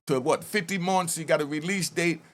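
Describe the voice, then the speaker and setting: A man's voice: fairly high pitch, fairly quick, fairly bright tone. A man hosting a channel, casually commenting over a video and telling his own prison stories, acting out what people said and urging viewers to comment. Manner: storyteller who acts out quoted speech and keeps urging viewers to comment.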